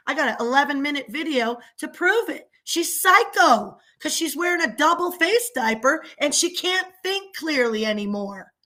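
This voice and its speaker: A woman's voice: sits high, lively intonation, normal speed, hardly any pauses, pushed and bright. A middle-aged woman delivering an angry, sarcastic rant as a local commentator in a vlog. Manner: indignant, sarcastic, ranting. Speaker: local commentator and small business owner.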